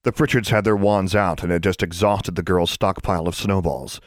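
Male storybook narrator, low and lively, close and dry sound. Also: normal speed, dry recording. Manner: expressive storytelling, shifts into character voices. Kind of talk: audiobook narration.

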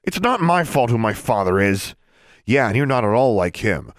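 A man's voice: mid-range voice, big pitch swings, normal speed, no echo, clean studio sound, pitched above the performer's own voice, lightly acted. A man voicing a contemptuous teenage wizard bully who taunts with mocking scorn in a storybook reading. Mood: sneering.

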